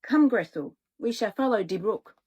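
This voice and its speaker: A woman voicing a young teenage boy with a put-on German accent who speaks in an earnest, halting way. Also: mid-range voice, lively intonation, a little mellow, husky.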